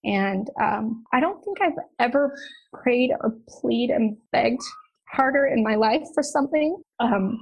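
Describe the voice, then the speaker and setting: A woman, a mother and podcast guest, earnestly retelling a hard family story in a quick, tumbling way with restarts. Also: a little high, vocal fry, husky, lo-fi sound. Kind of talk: emotional personal storytelling.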